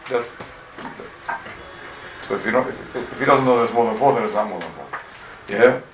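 A man teaching a Talmud class, animated and full of rhetorical questions, recorded from a distance in an echoey room. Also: mid-range voice, moderate pace, background noise. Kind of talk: lively Talmud class lecture.

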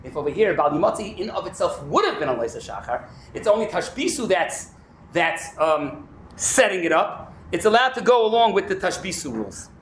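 A man teaching a Talmud class, talking in an animated way and often breaking into shouts. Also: high-pitched, fairly quick, slight background noise. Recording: echoey room.

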